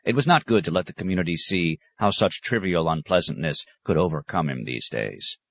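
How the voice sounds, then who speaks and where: A man reading a novel aloud with calm, expressive narration. His voice sits fairly low and moves with lively intonation, and the recording is dry and close with no room sound. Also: brisk, slightly rough, no echo. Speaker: audiobook narrator. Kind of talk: scripted narration.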